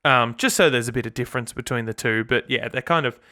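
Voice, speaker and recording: Bright chatty Australian man, rambling. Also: medium pitch, fast. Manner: rambling, chatty, swears casually. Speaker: guitarist and channel host. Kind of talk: casual gear demo vlog.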